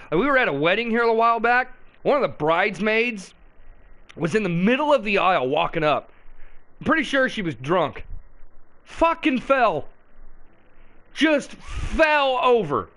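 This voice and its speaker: Male host, high lively voice, amused and chatty. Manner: amused, laughing, animated storytelling. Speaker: show host reacting to a clip. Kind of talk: casual commentary.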